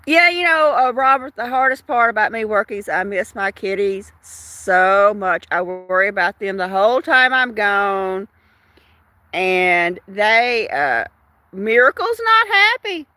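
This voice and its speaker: A woman's voice: mid-range voice, expressive, unhurried, no echo. An older woman hosting a casual live stream outdoors in the evening, chatting to viewers with many fillers and laughs. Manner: chatty, warm-hearted, frequent fillers and laughs. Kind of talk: casual chat reading out viewer comments.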